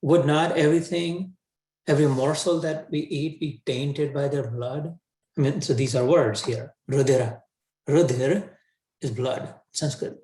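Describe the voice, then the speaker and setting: A man's voice: medium pitch, darkish tone, close to an everyday voice. A man voicing an anguished young warrior prince who pleads with his mentor in a casual, incredulous way. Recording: roomy echo.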